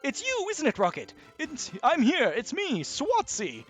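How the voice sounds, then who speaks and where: A man's voice: very high-pitched, wildly swooping pitch, measured pace, a bit bright, soft background music, pitched above the performer's own voice, heavily acted. A man voicing a polite, fussy male bat creature with genteel, old-fashioned phrasing.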